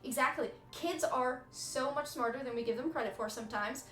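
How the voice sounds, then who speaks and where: A woman's voice: high-pitched, brisk, fairly bright tone. Chatty, candid woman streamer in echoey room. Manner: candid, chatty, swears freely. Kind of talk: casual chat with live chat. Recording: echoey room with faint music.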